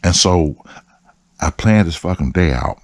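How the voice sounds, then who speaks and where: A man's voice: low-pitched, animated, measured pace, no echo. A man telling a long, rambling, profane story as a show host. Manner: rambling, profane, laid-back. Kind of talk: casual storytelling.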